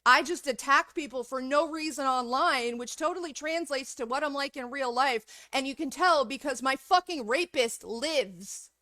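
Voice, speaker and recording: A woman's voice: high voice, normal speed, hardly any pauses, bright, forceful tone, no room sound, studio quality. A woman streamer in a heated, profanity-filled rant, angry throughout. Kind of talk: livestream rant.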